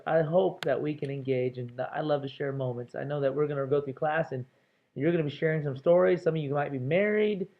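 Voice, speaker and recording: A man's voice: fairly high pitch, creaky. A male instructor giving a casual, chatty introduction to an online course, with many fillers. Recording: tinny phone-like audio.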